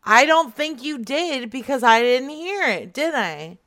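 A woman's voice: high voice, lively intonation, a little slow, fairly bright tone. Brash teasing woman prank caller. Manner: teasing, brash, laughing often. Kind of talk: prank phone call.

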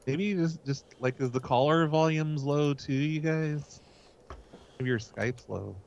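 A man hosting a comedy show, chatting casually in a soft, mumbly, self-deprecating way. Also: fairly high pitch, a little slow, creaky, dull audio. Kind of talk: casual banter on a live show.

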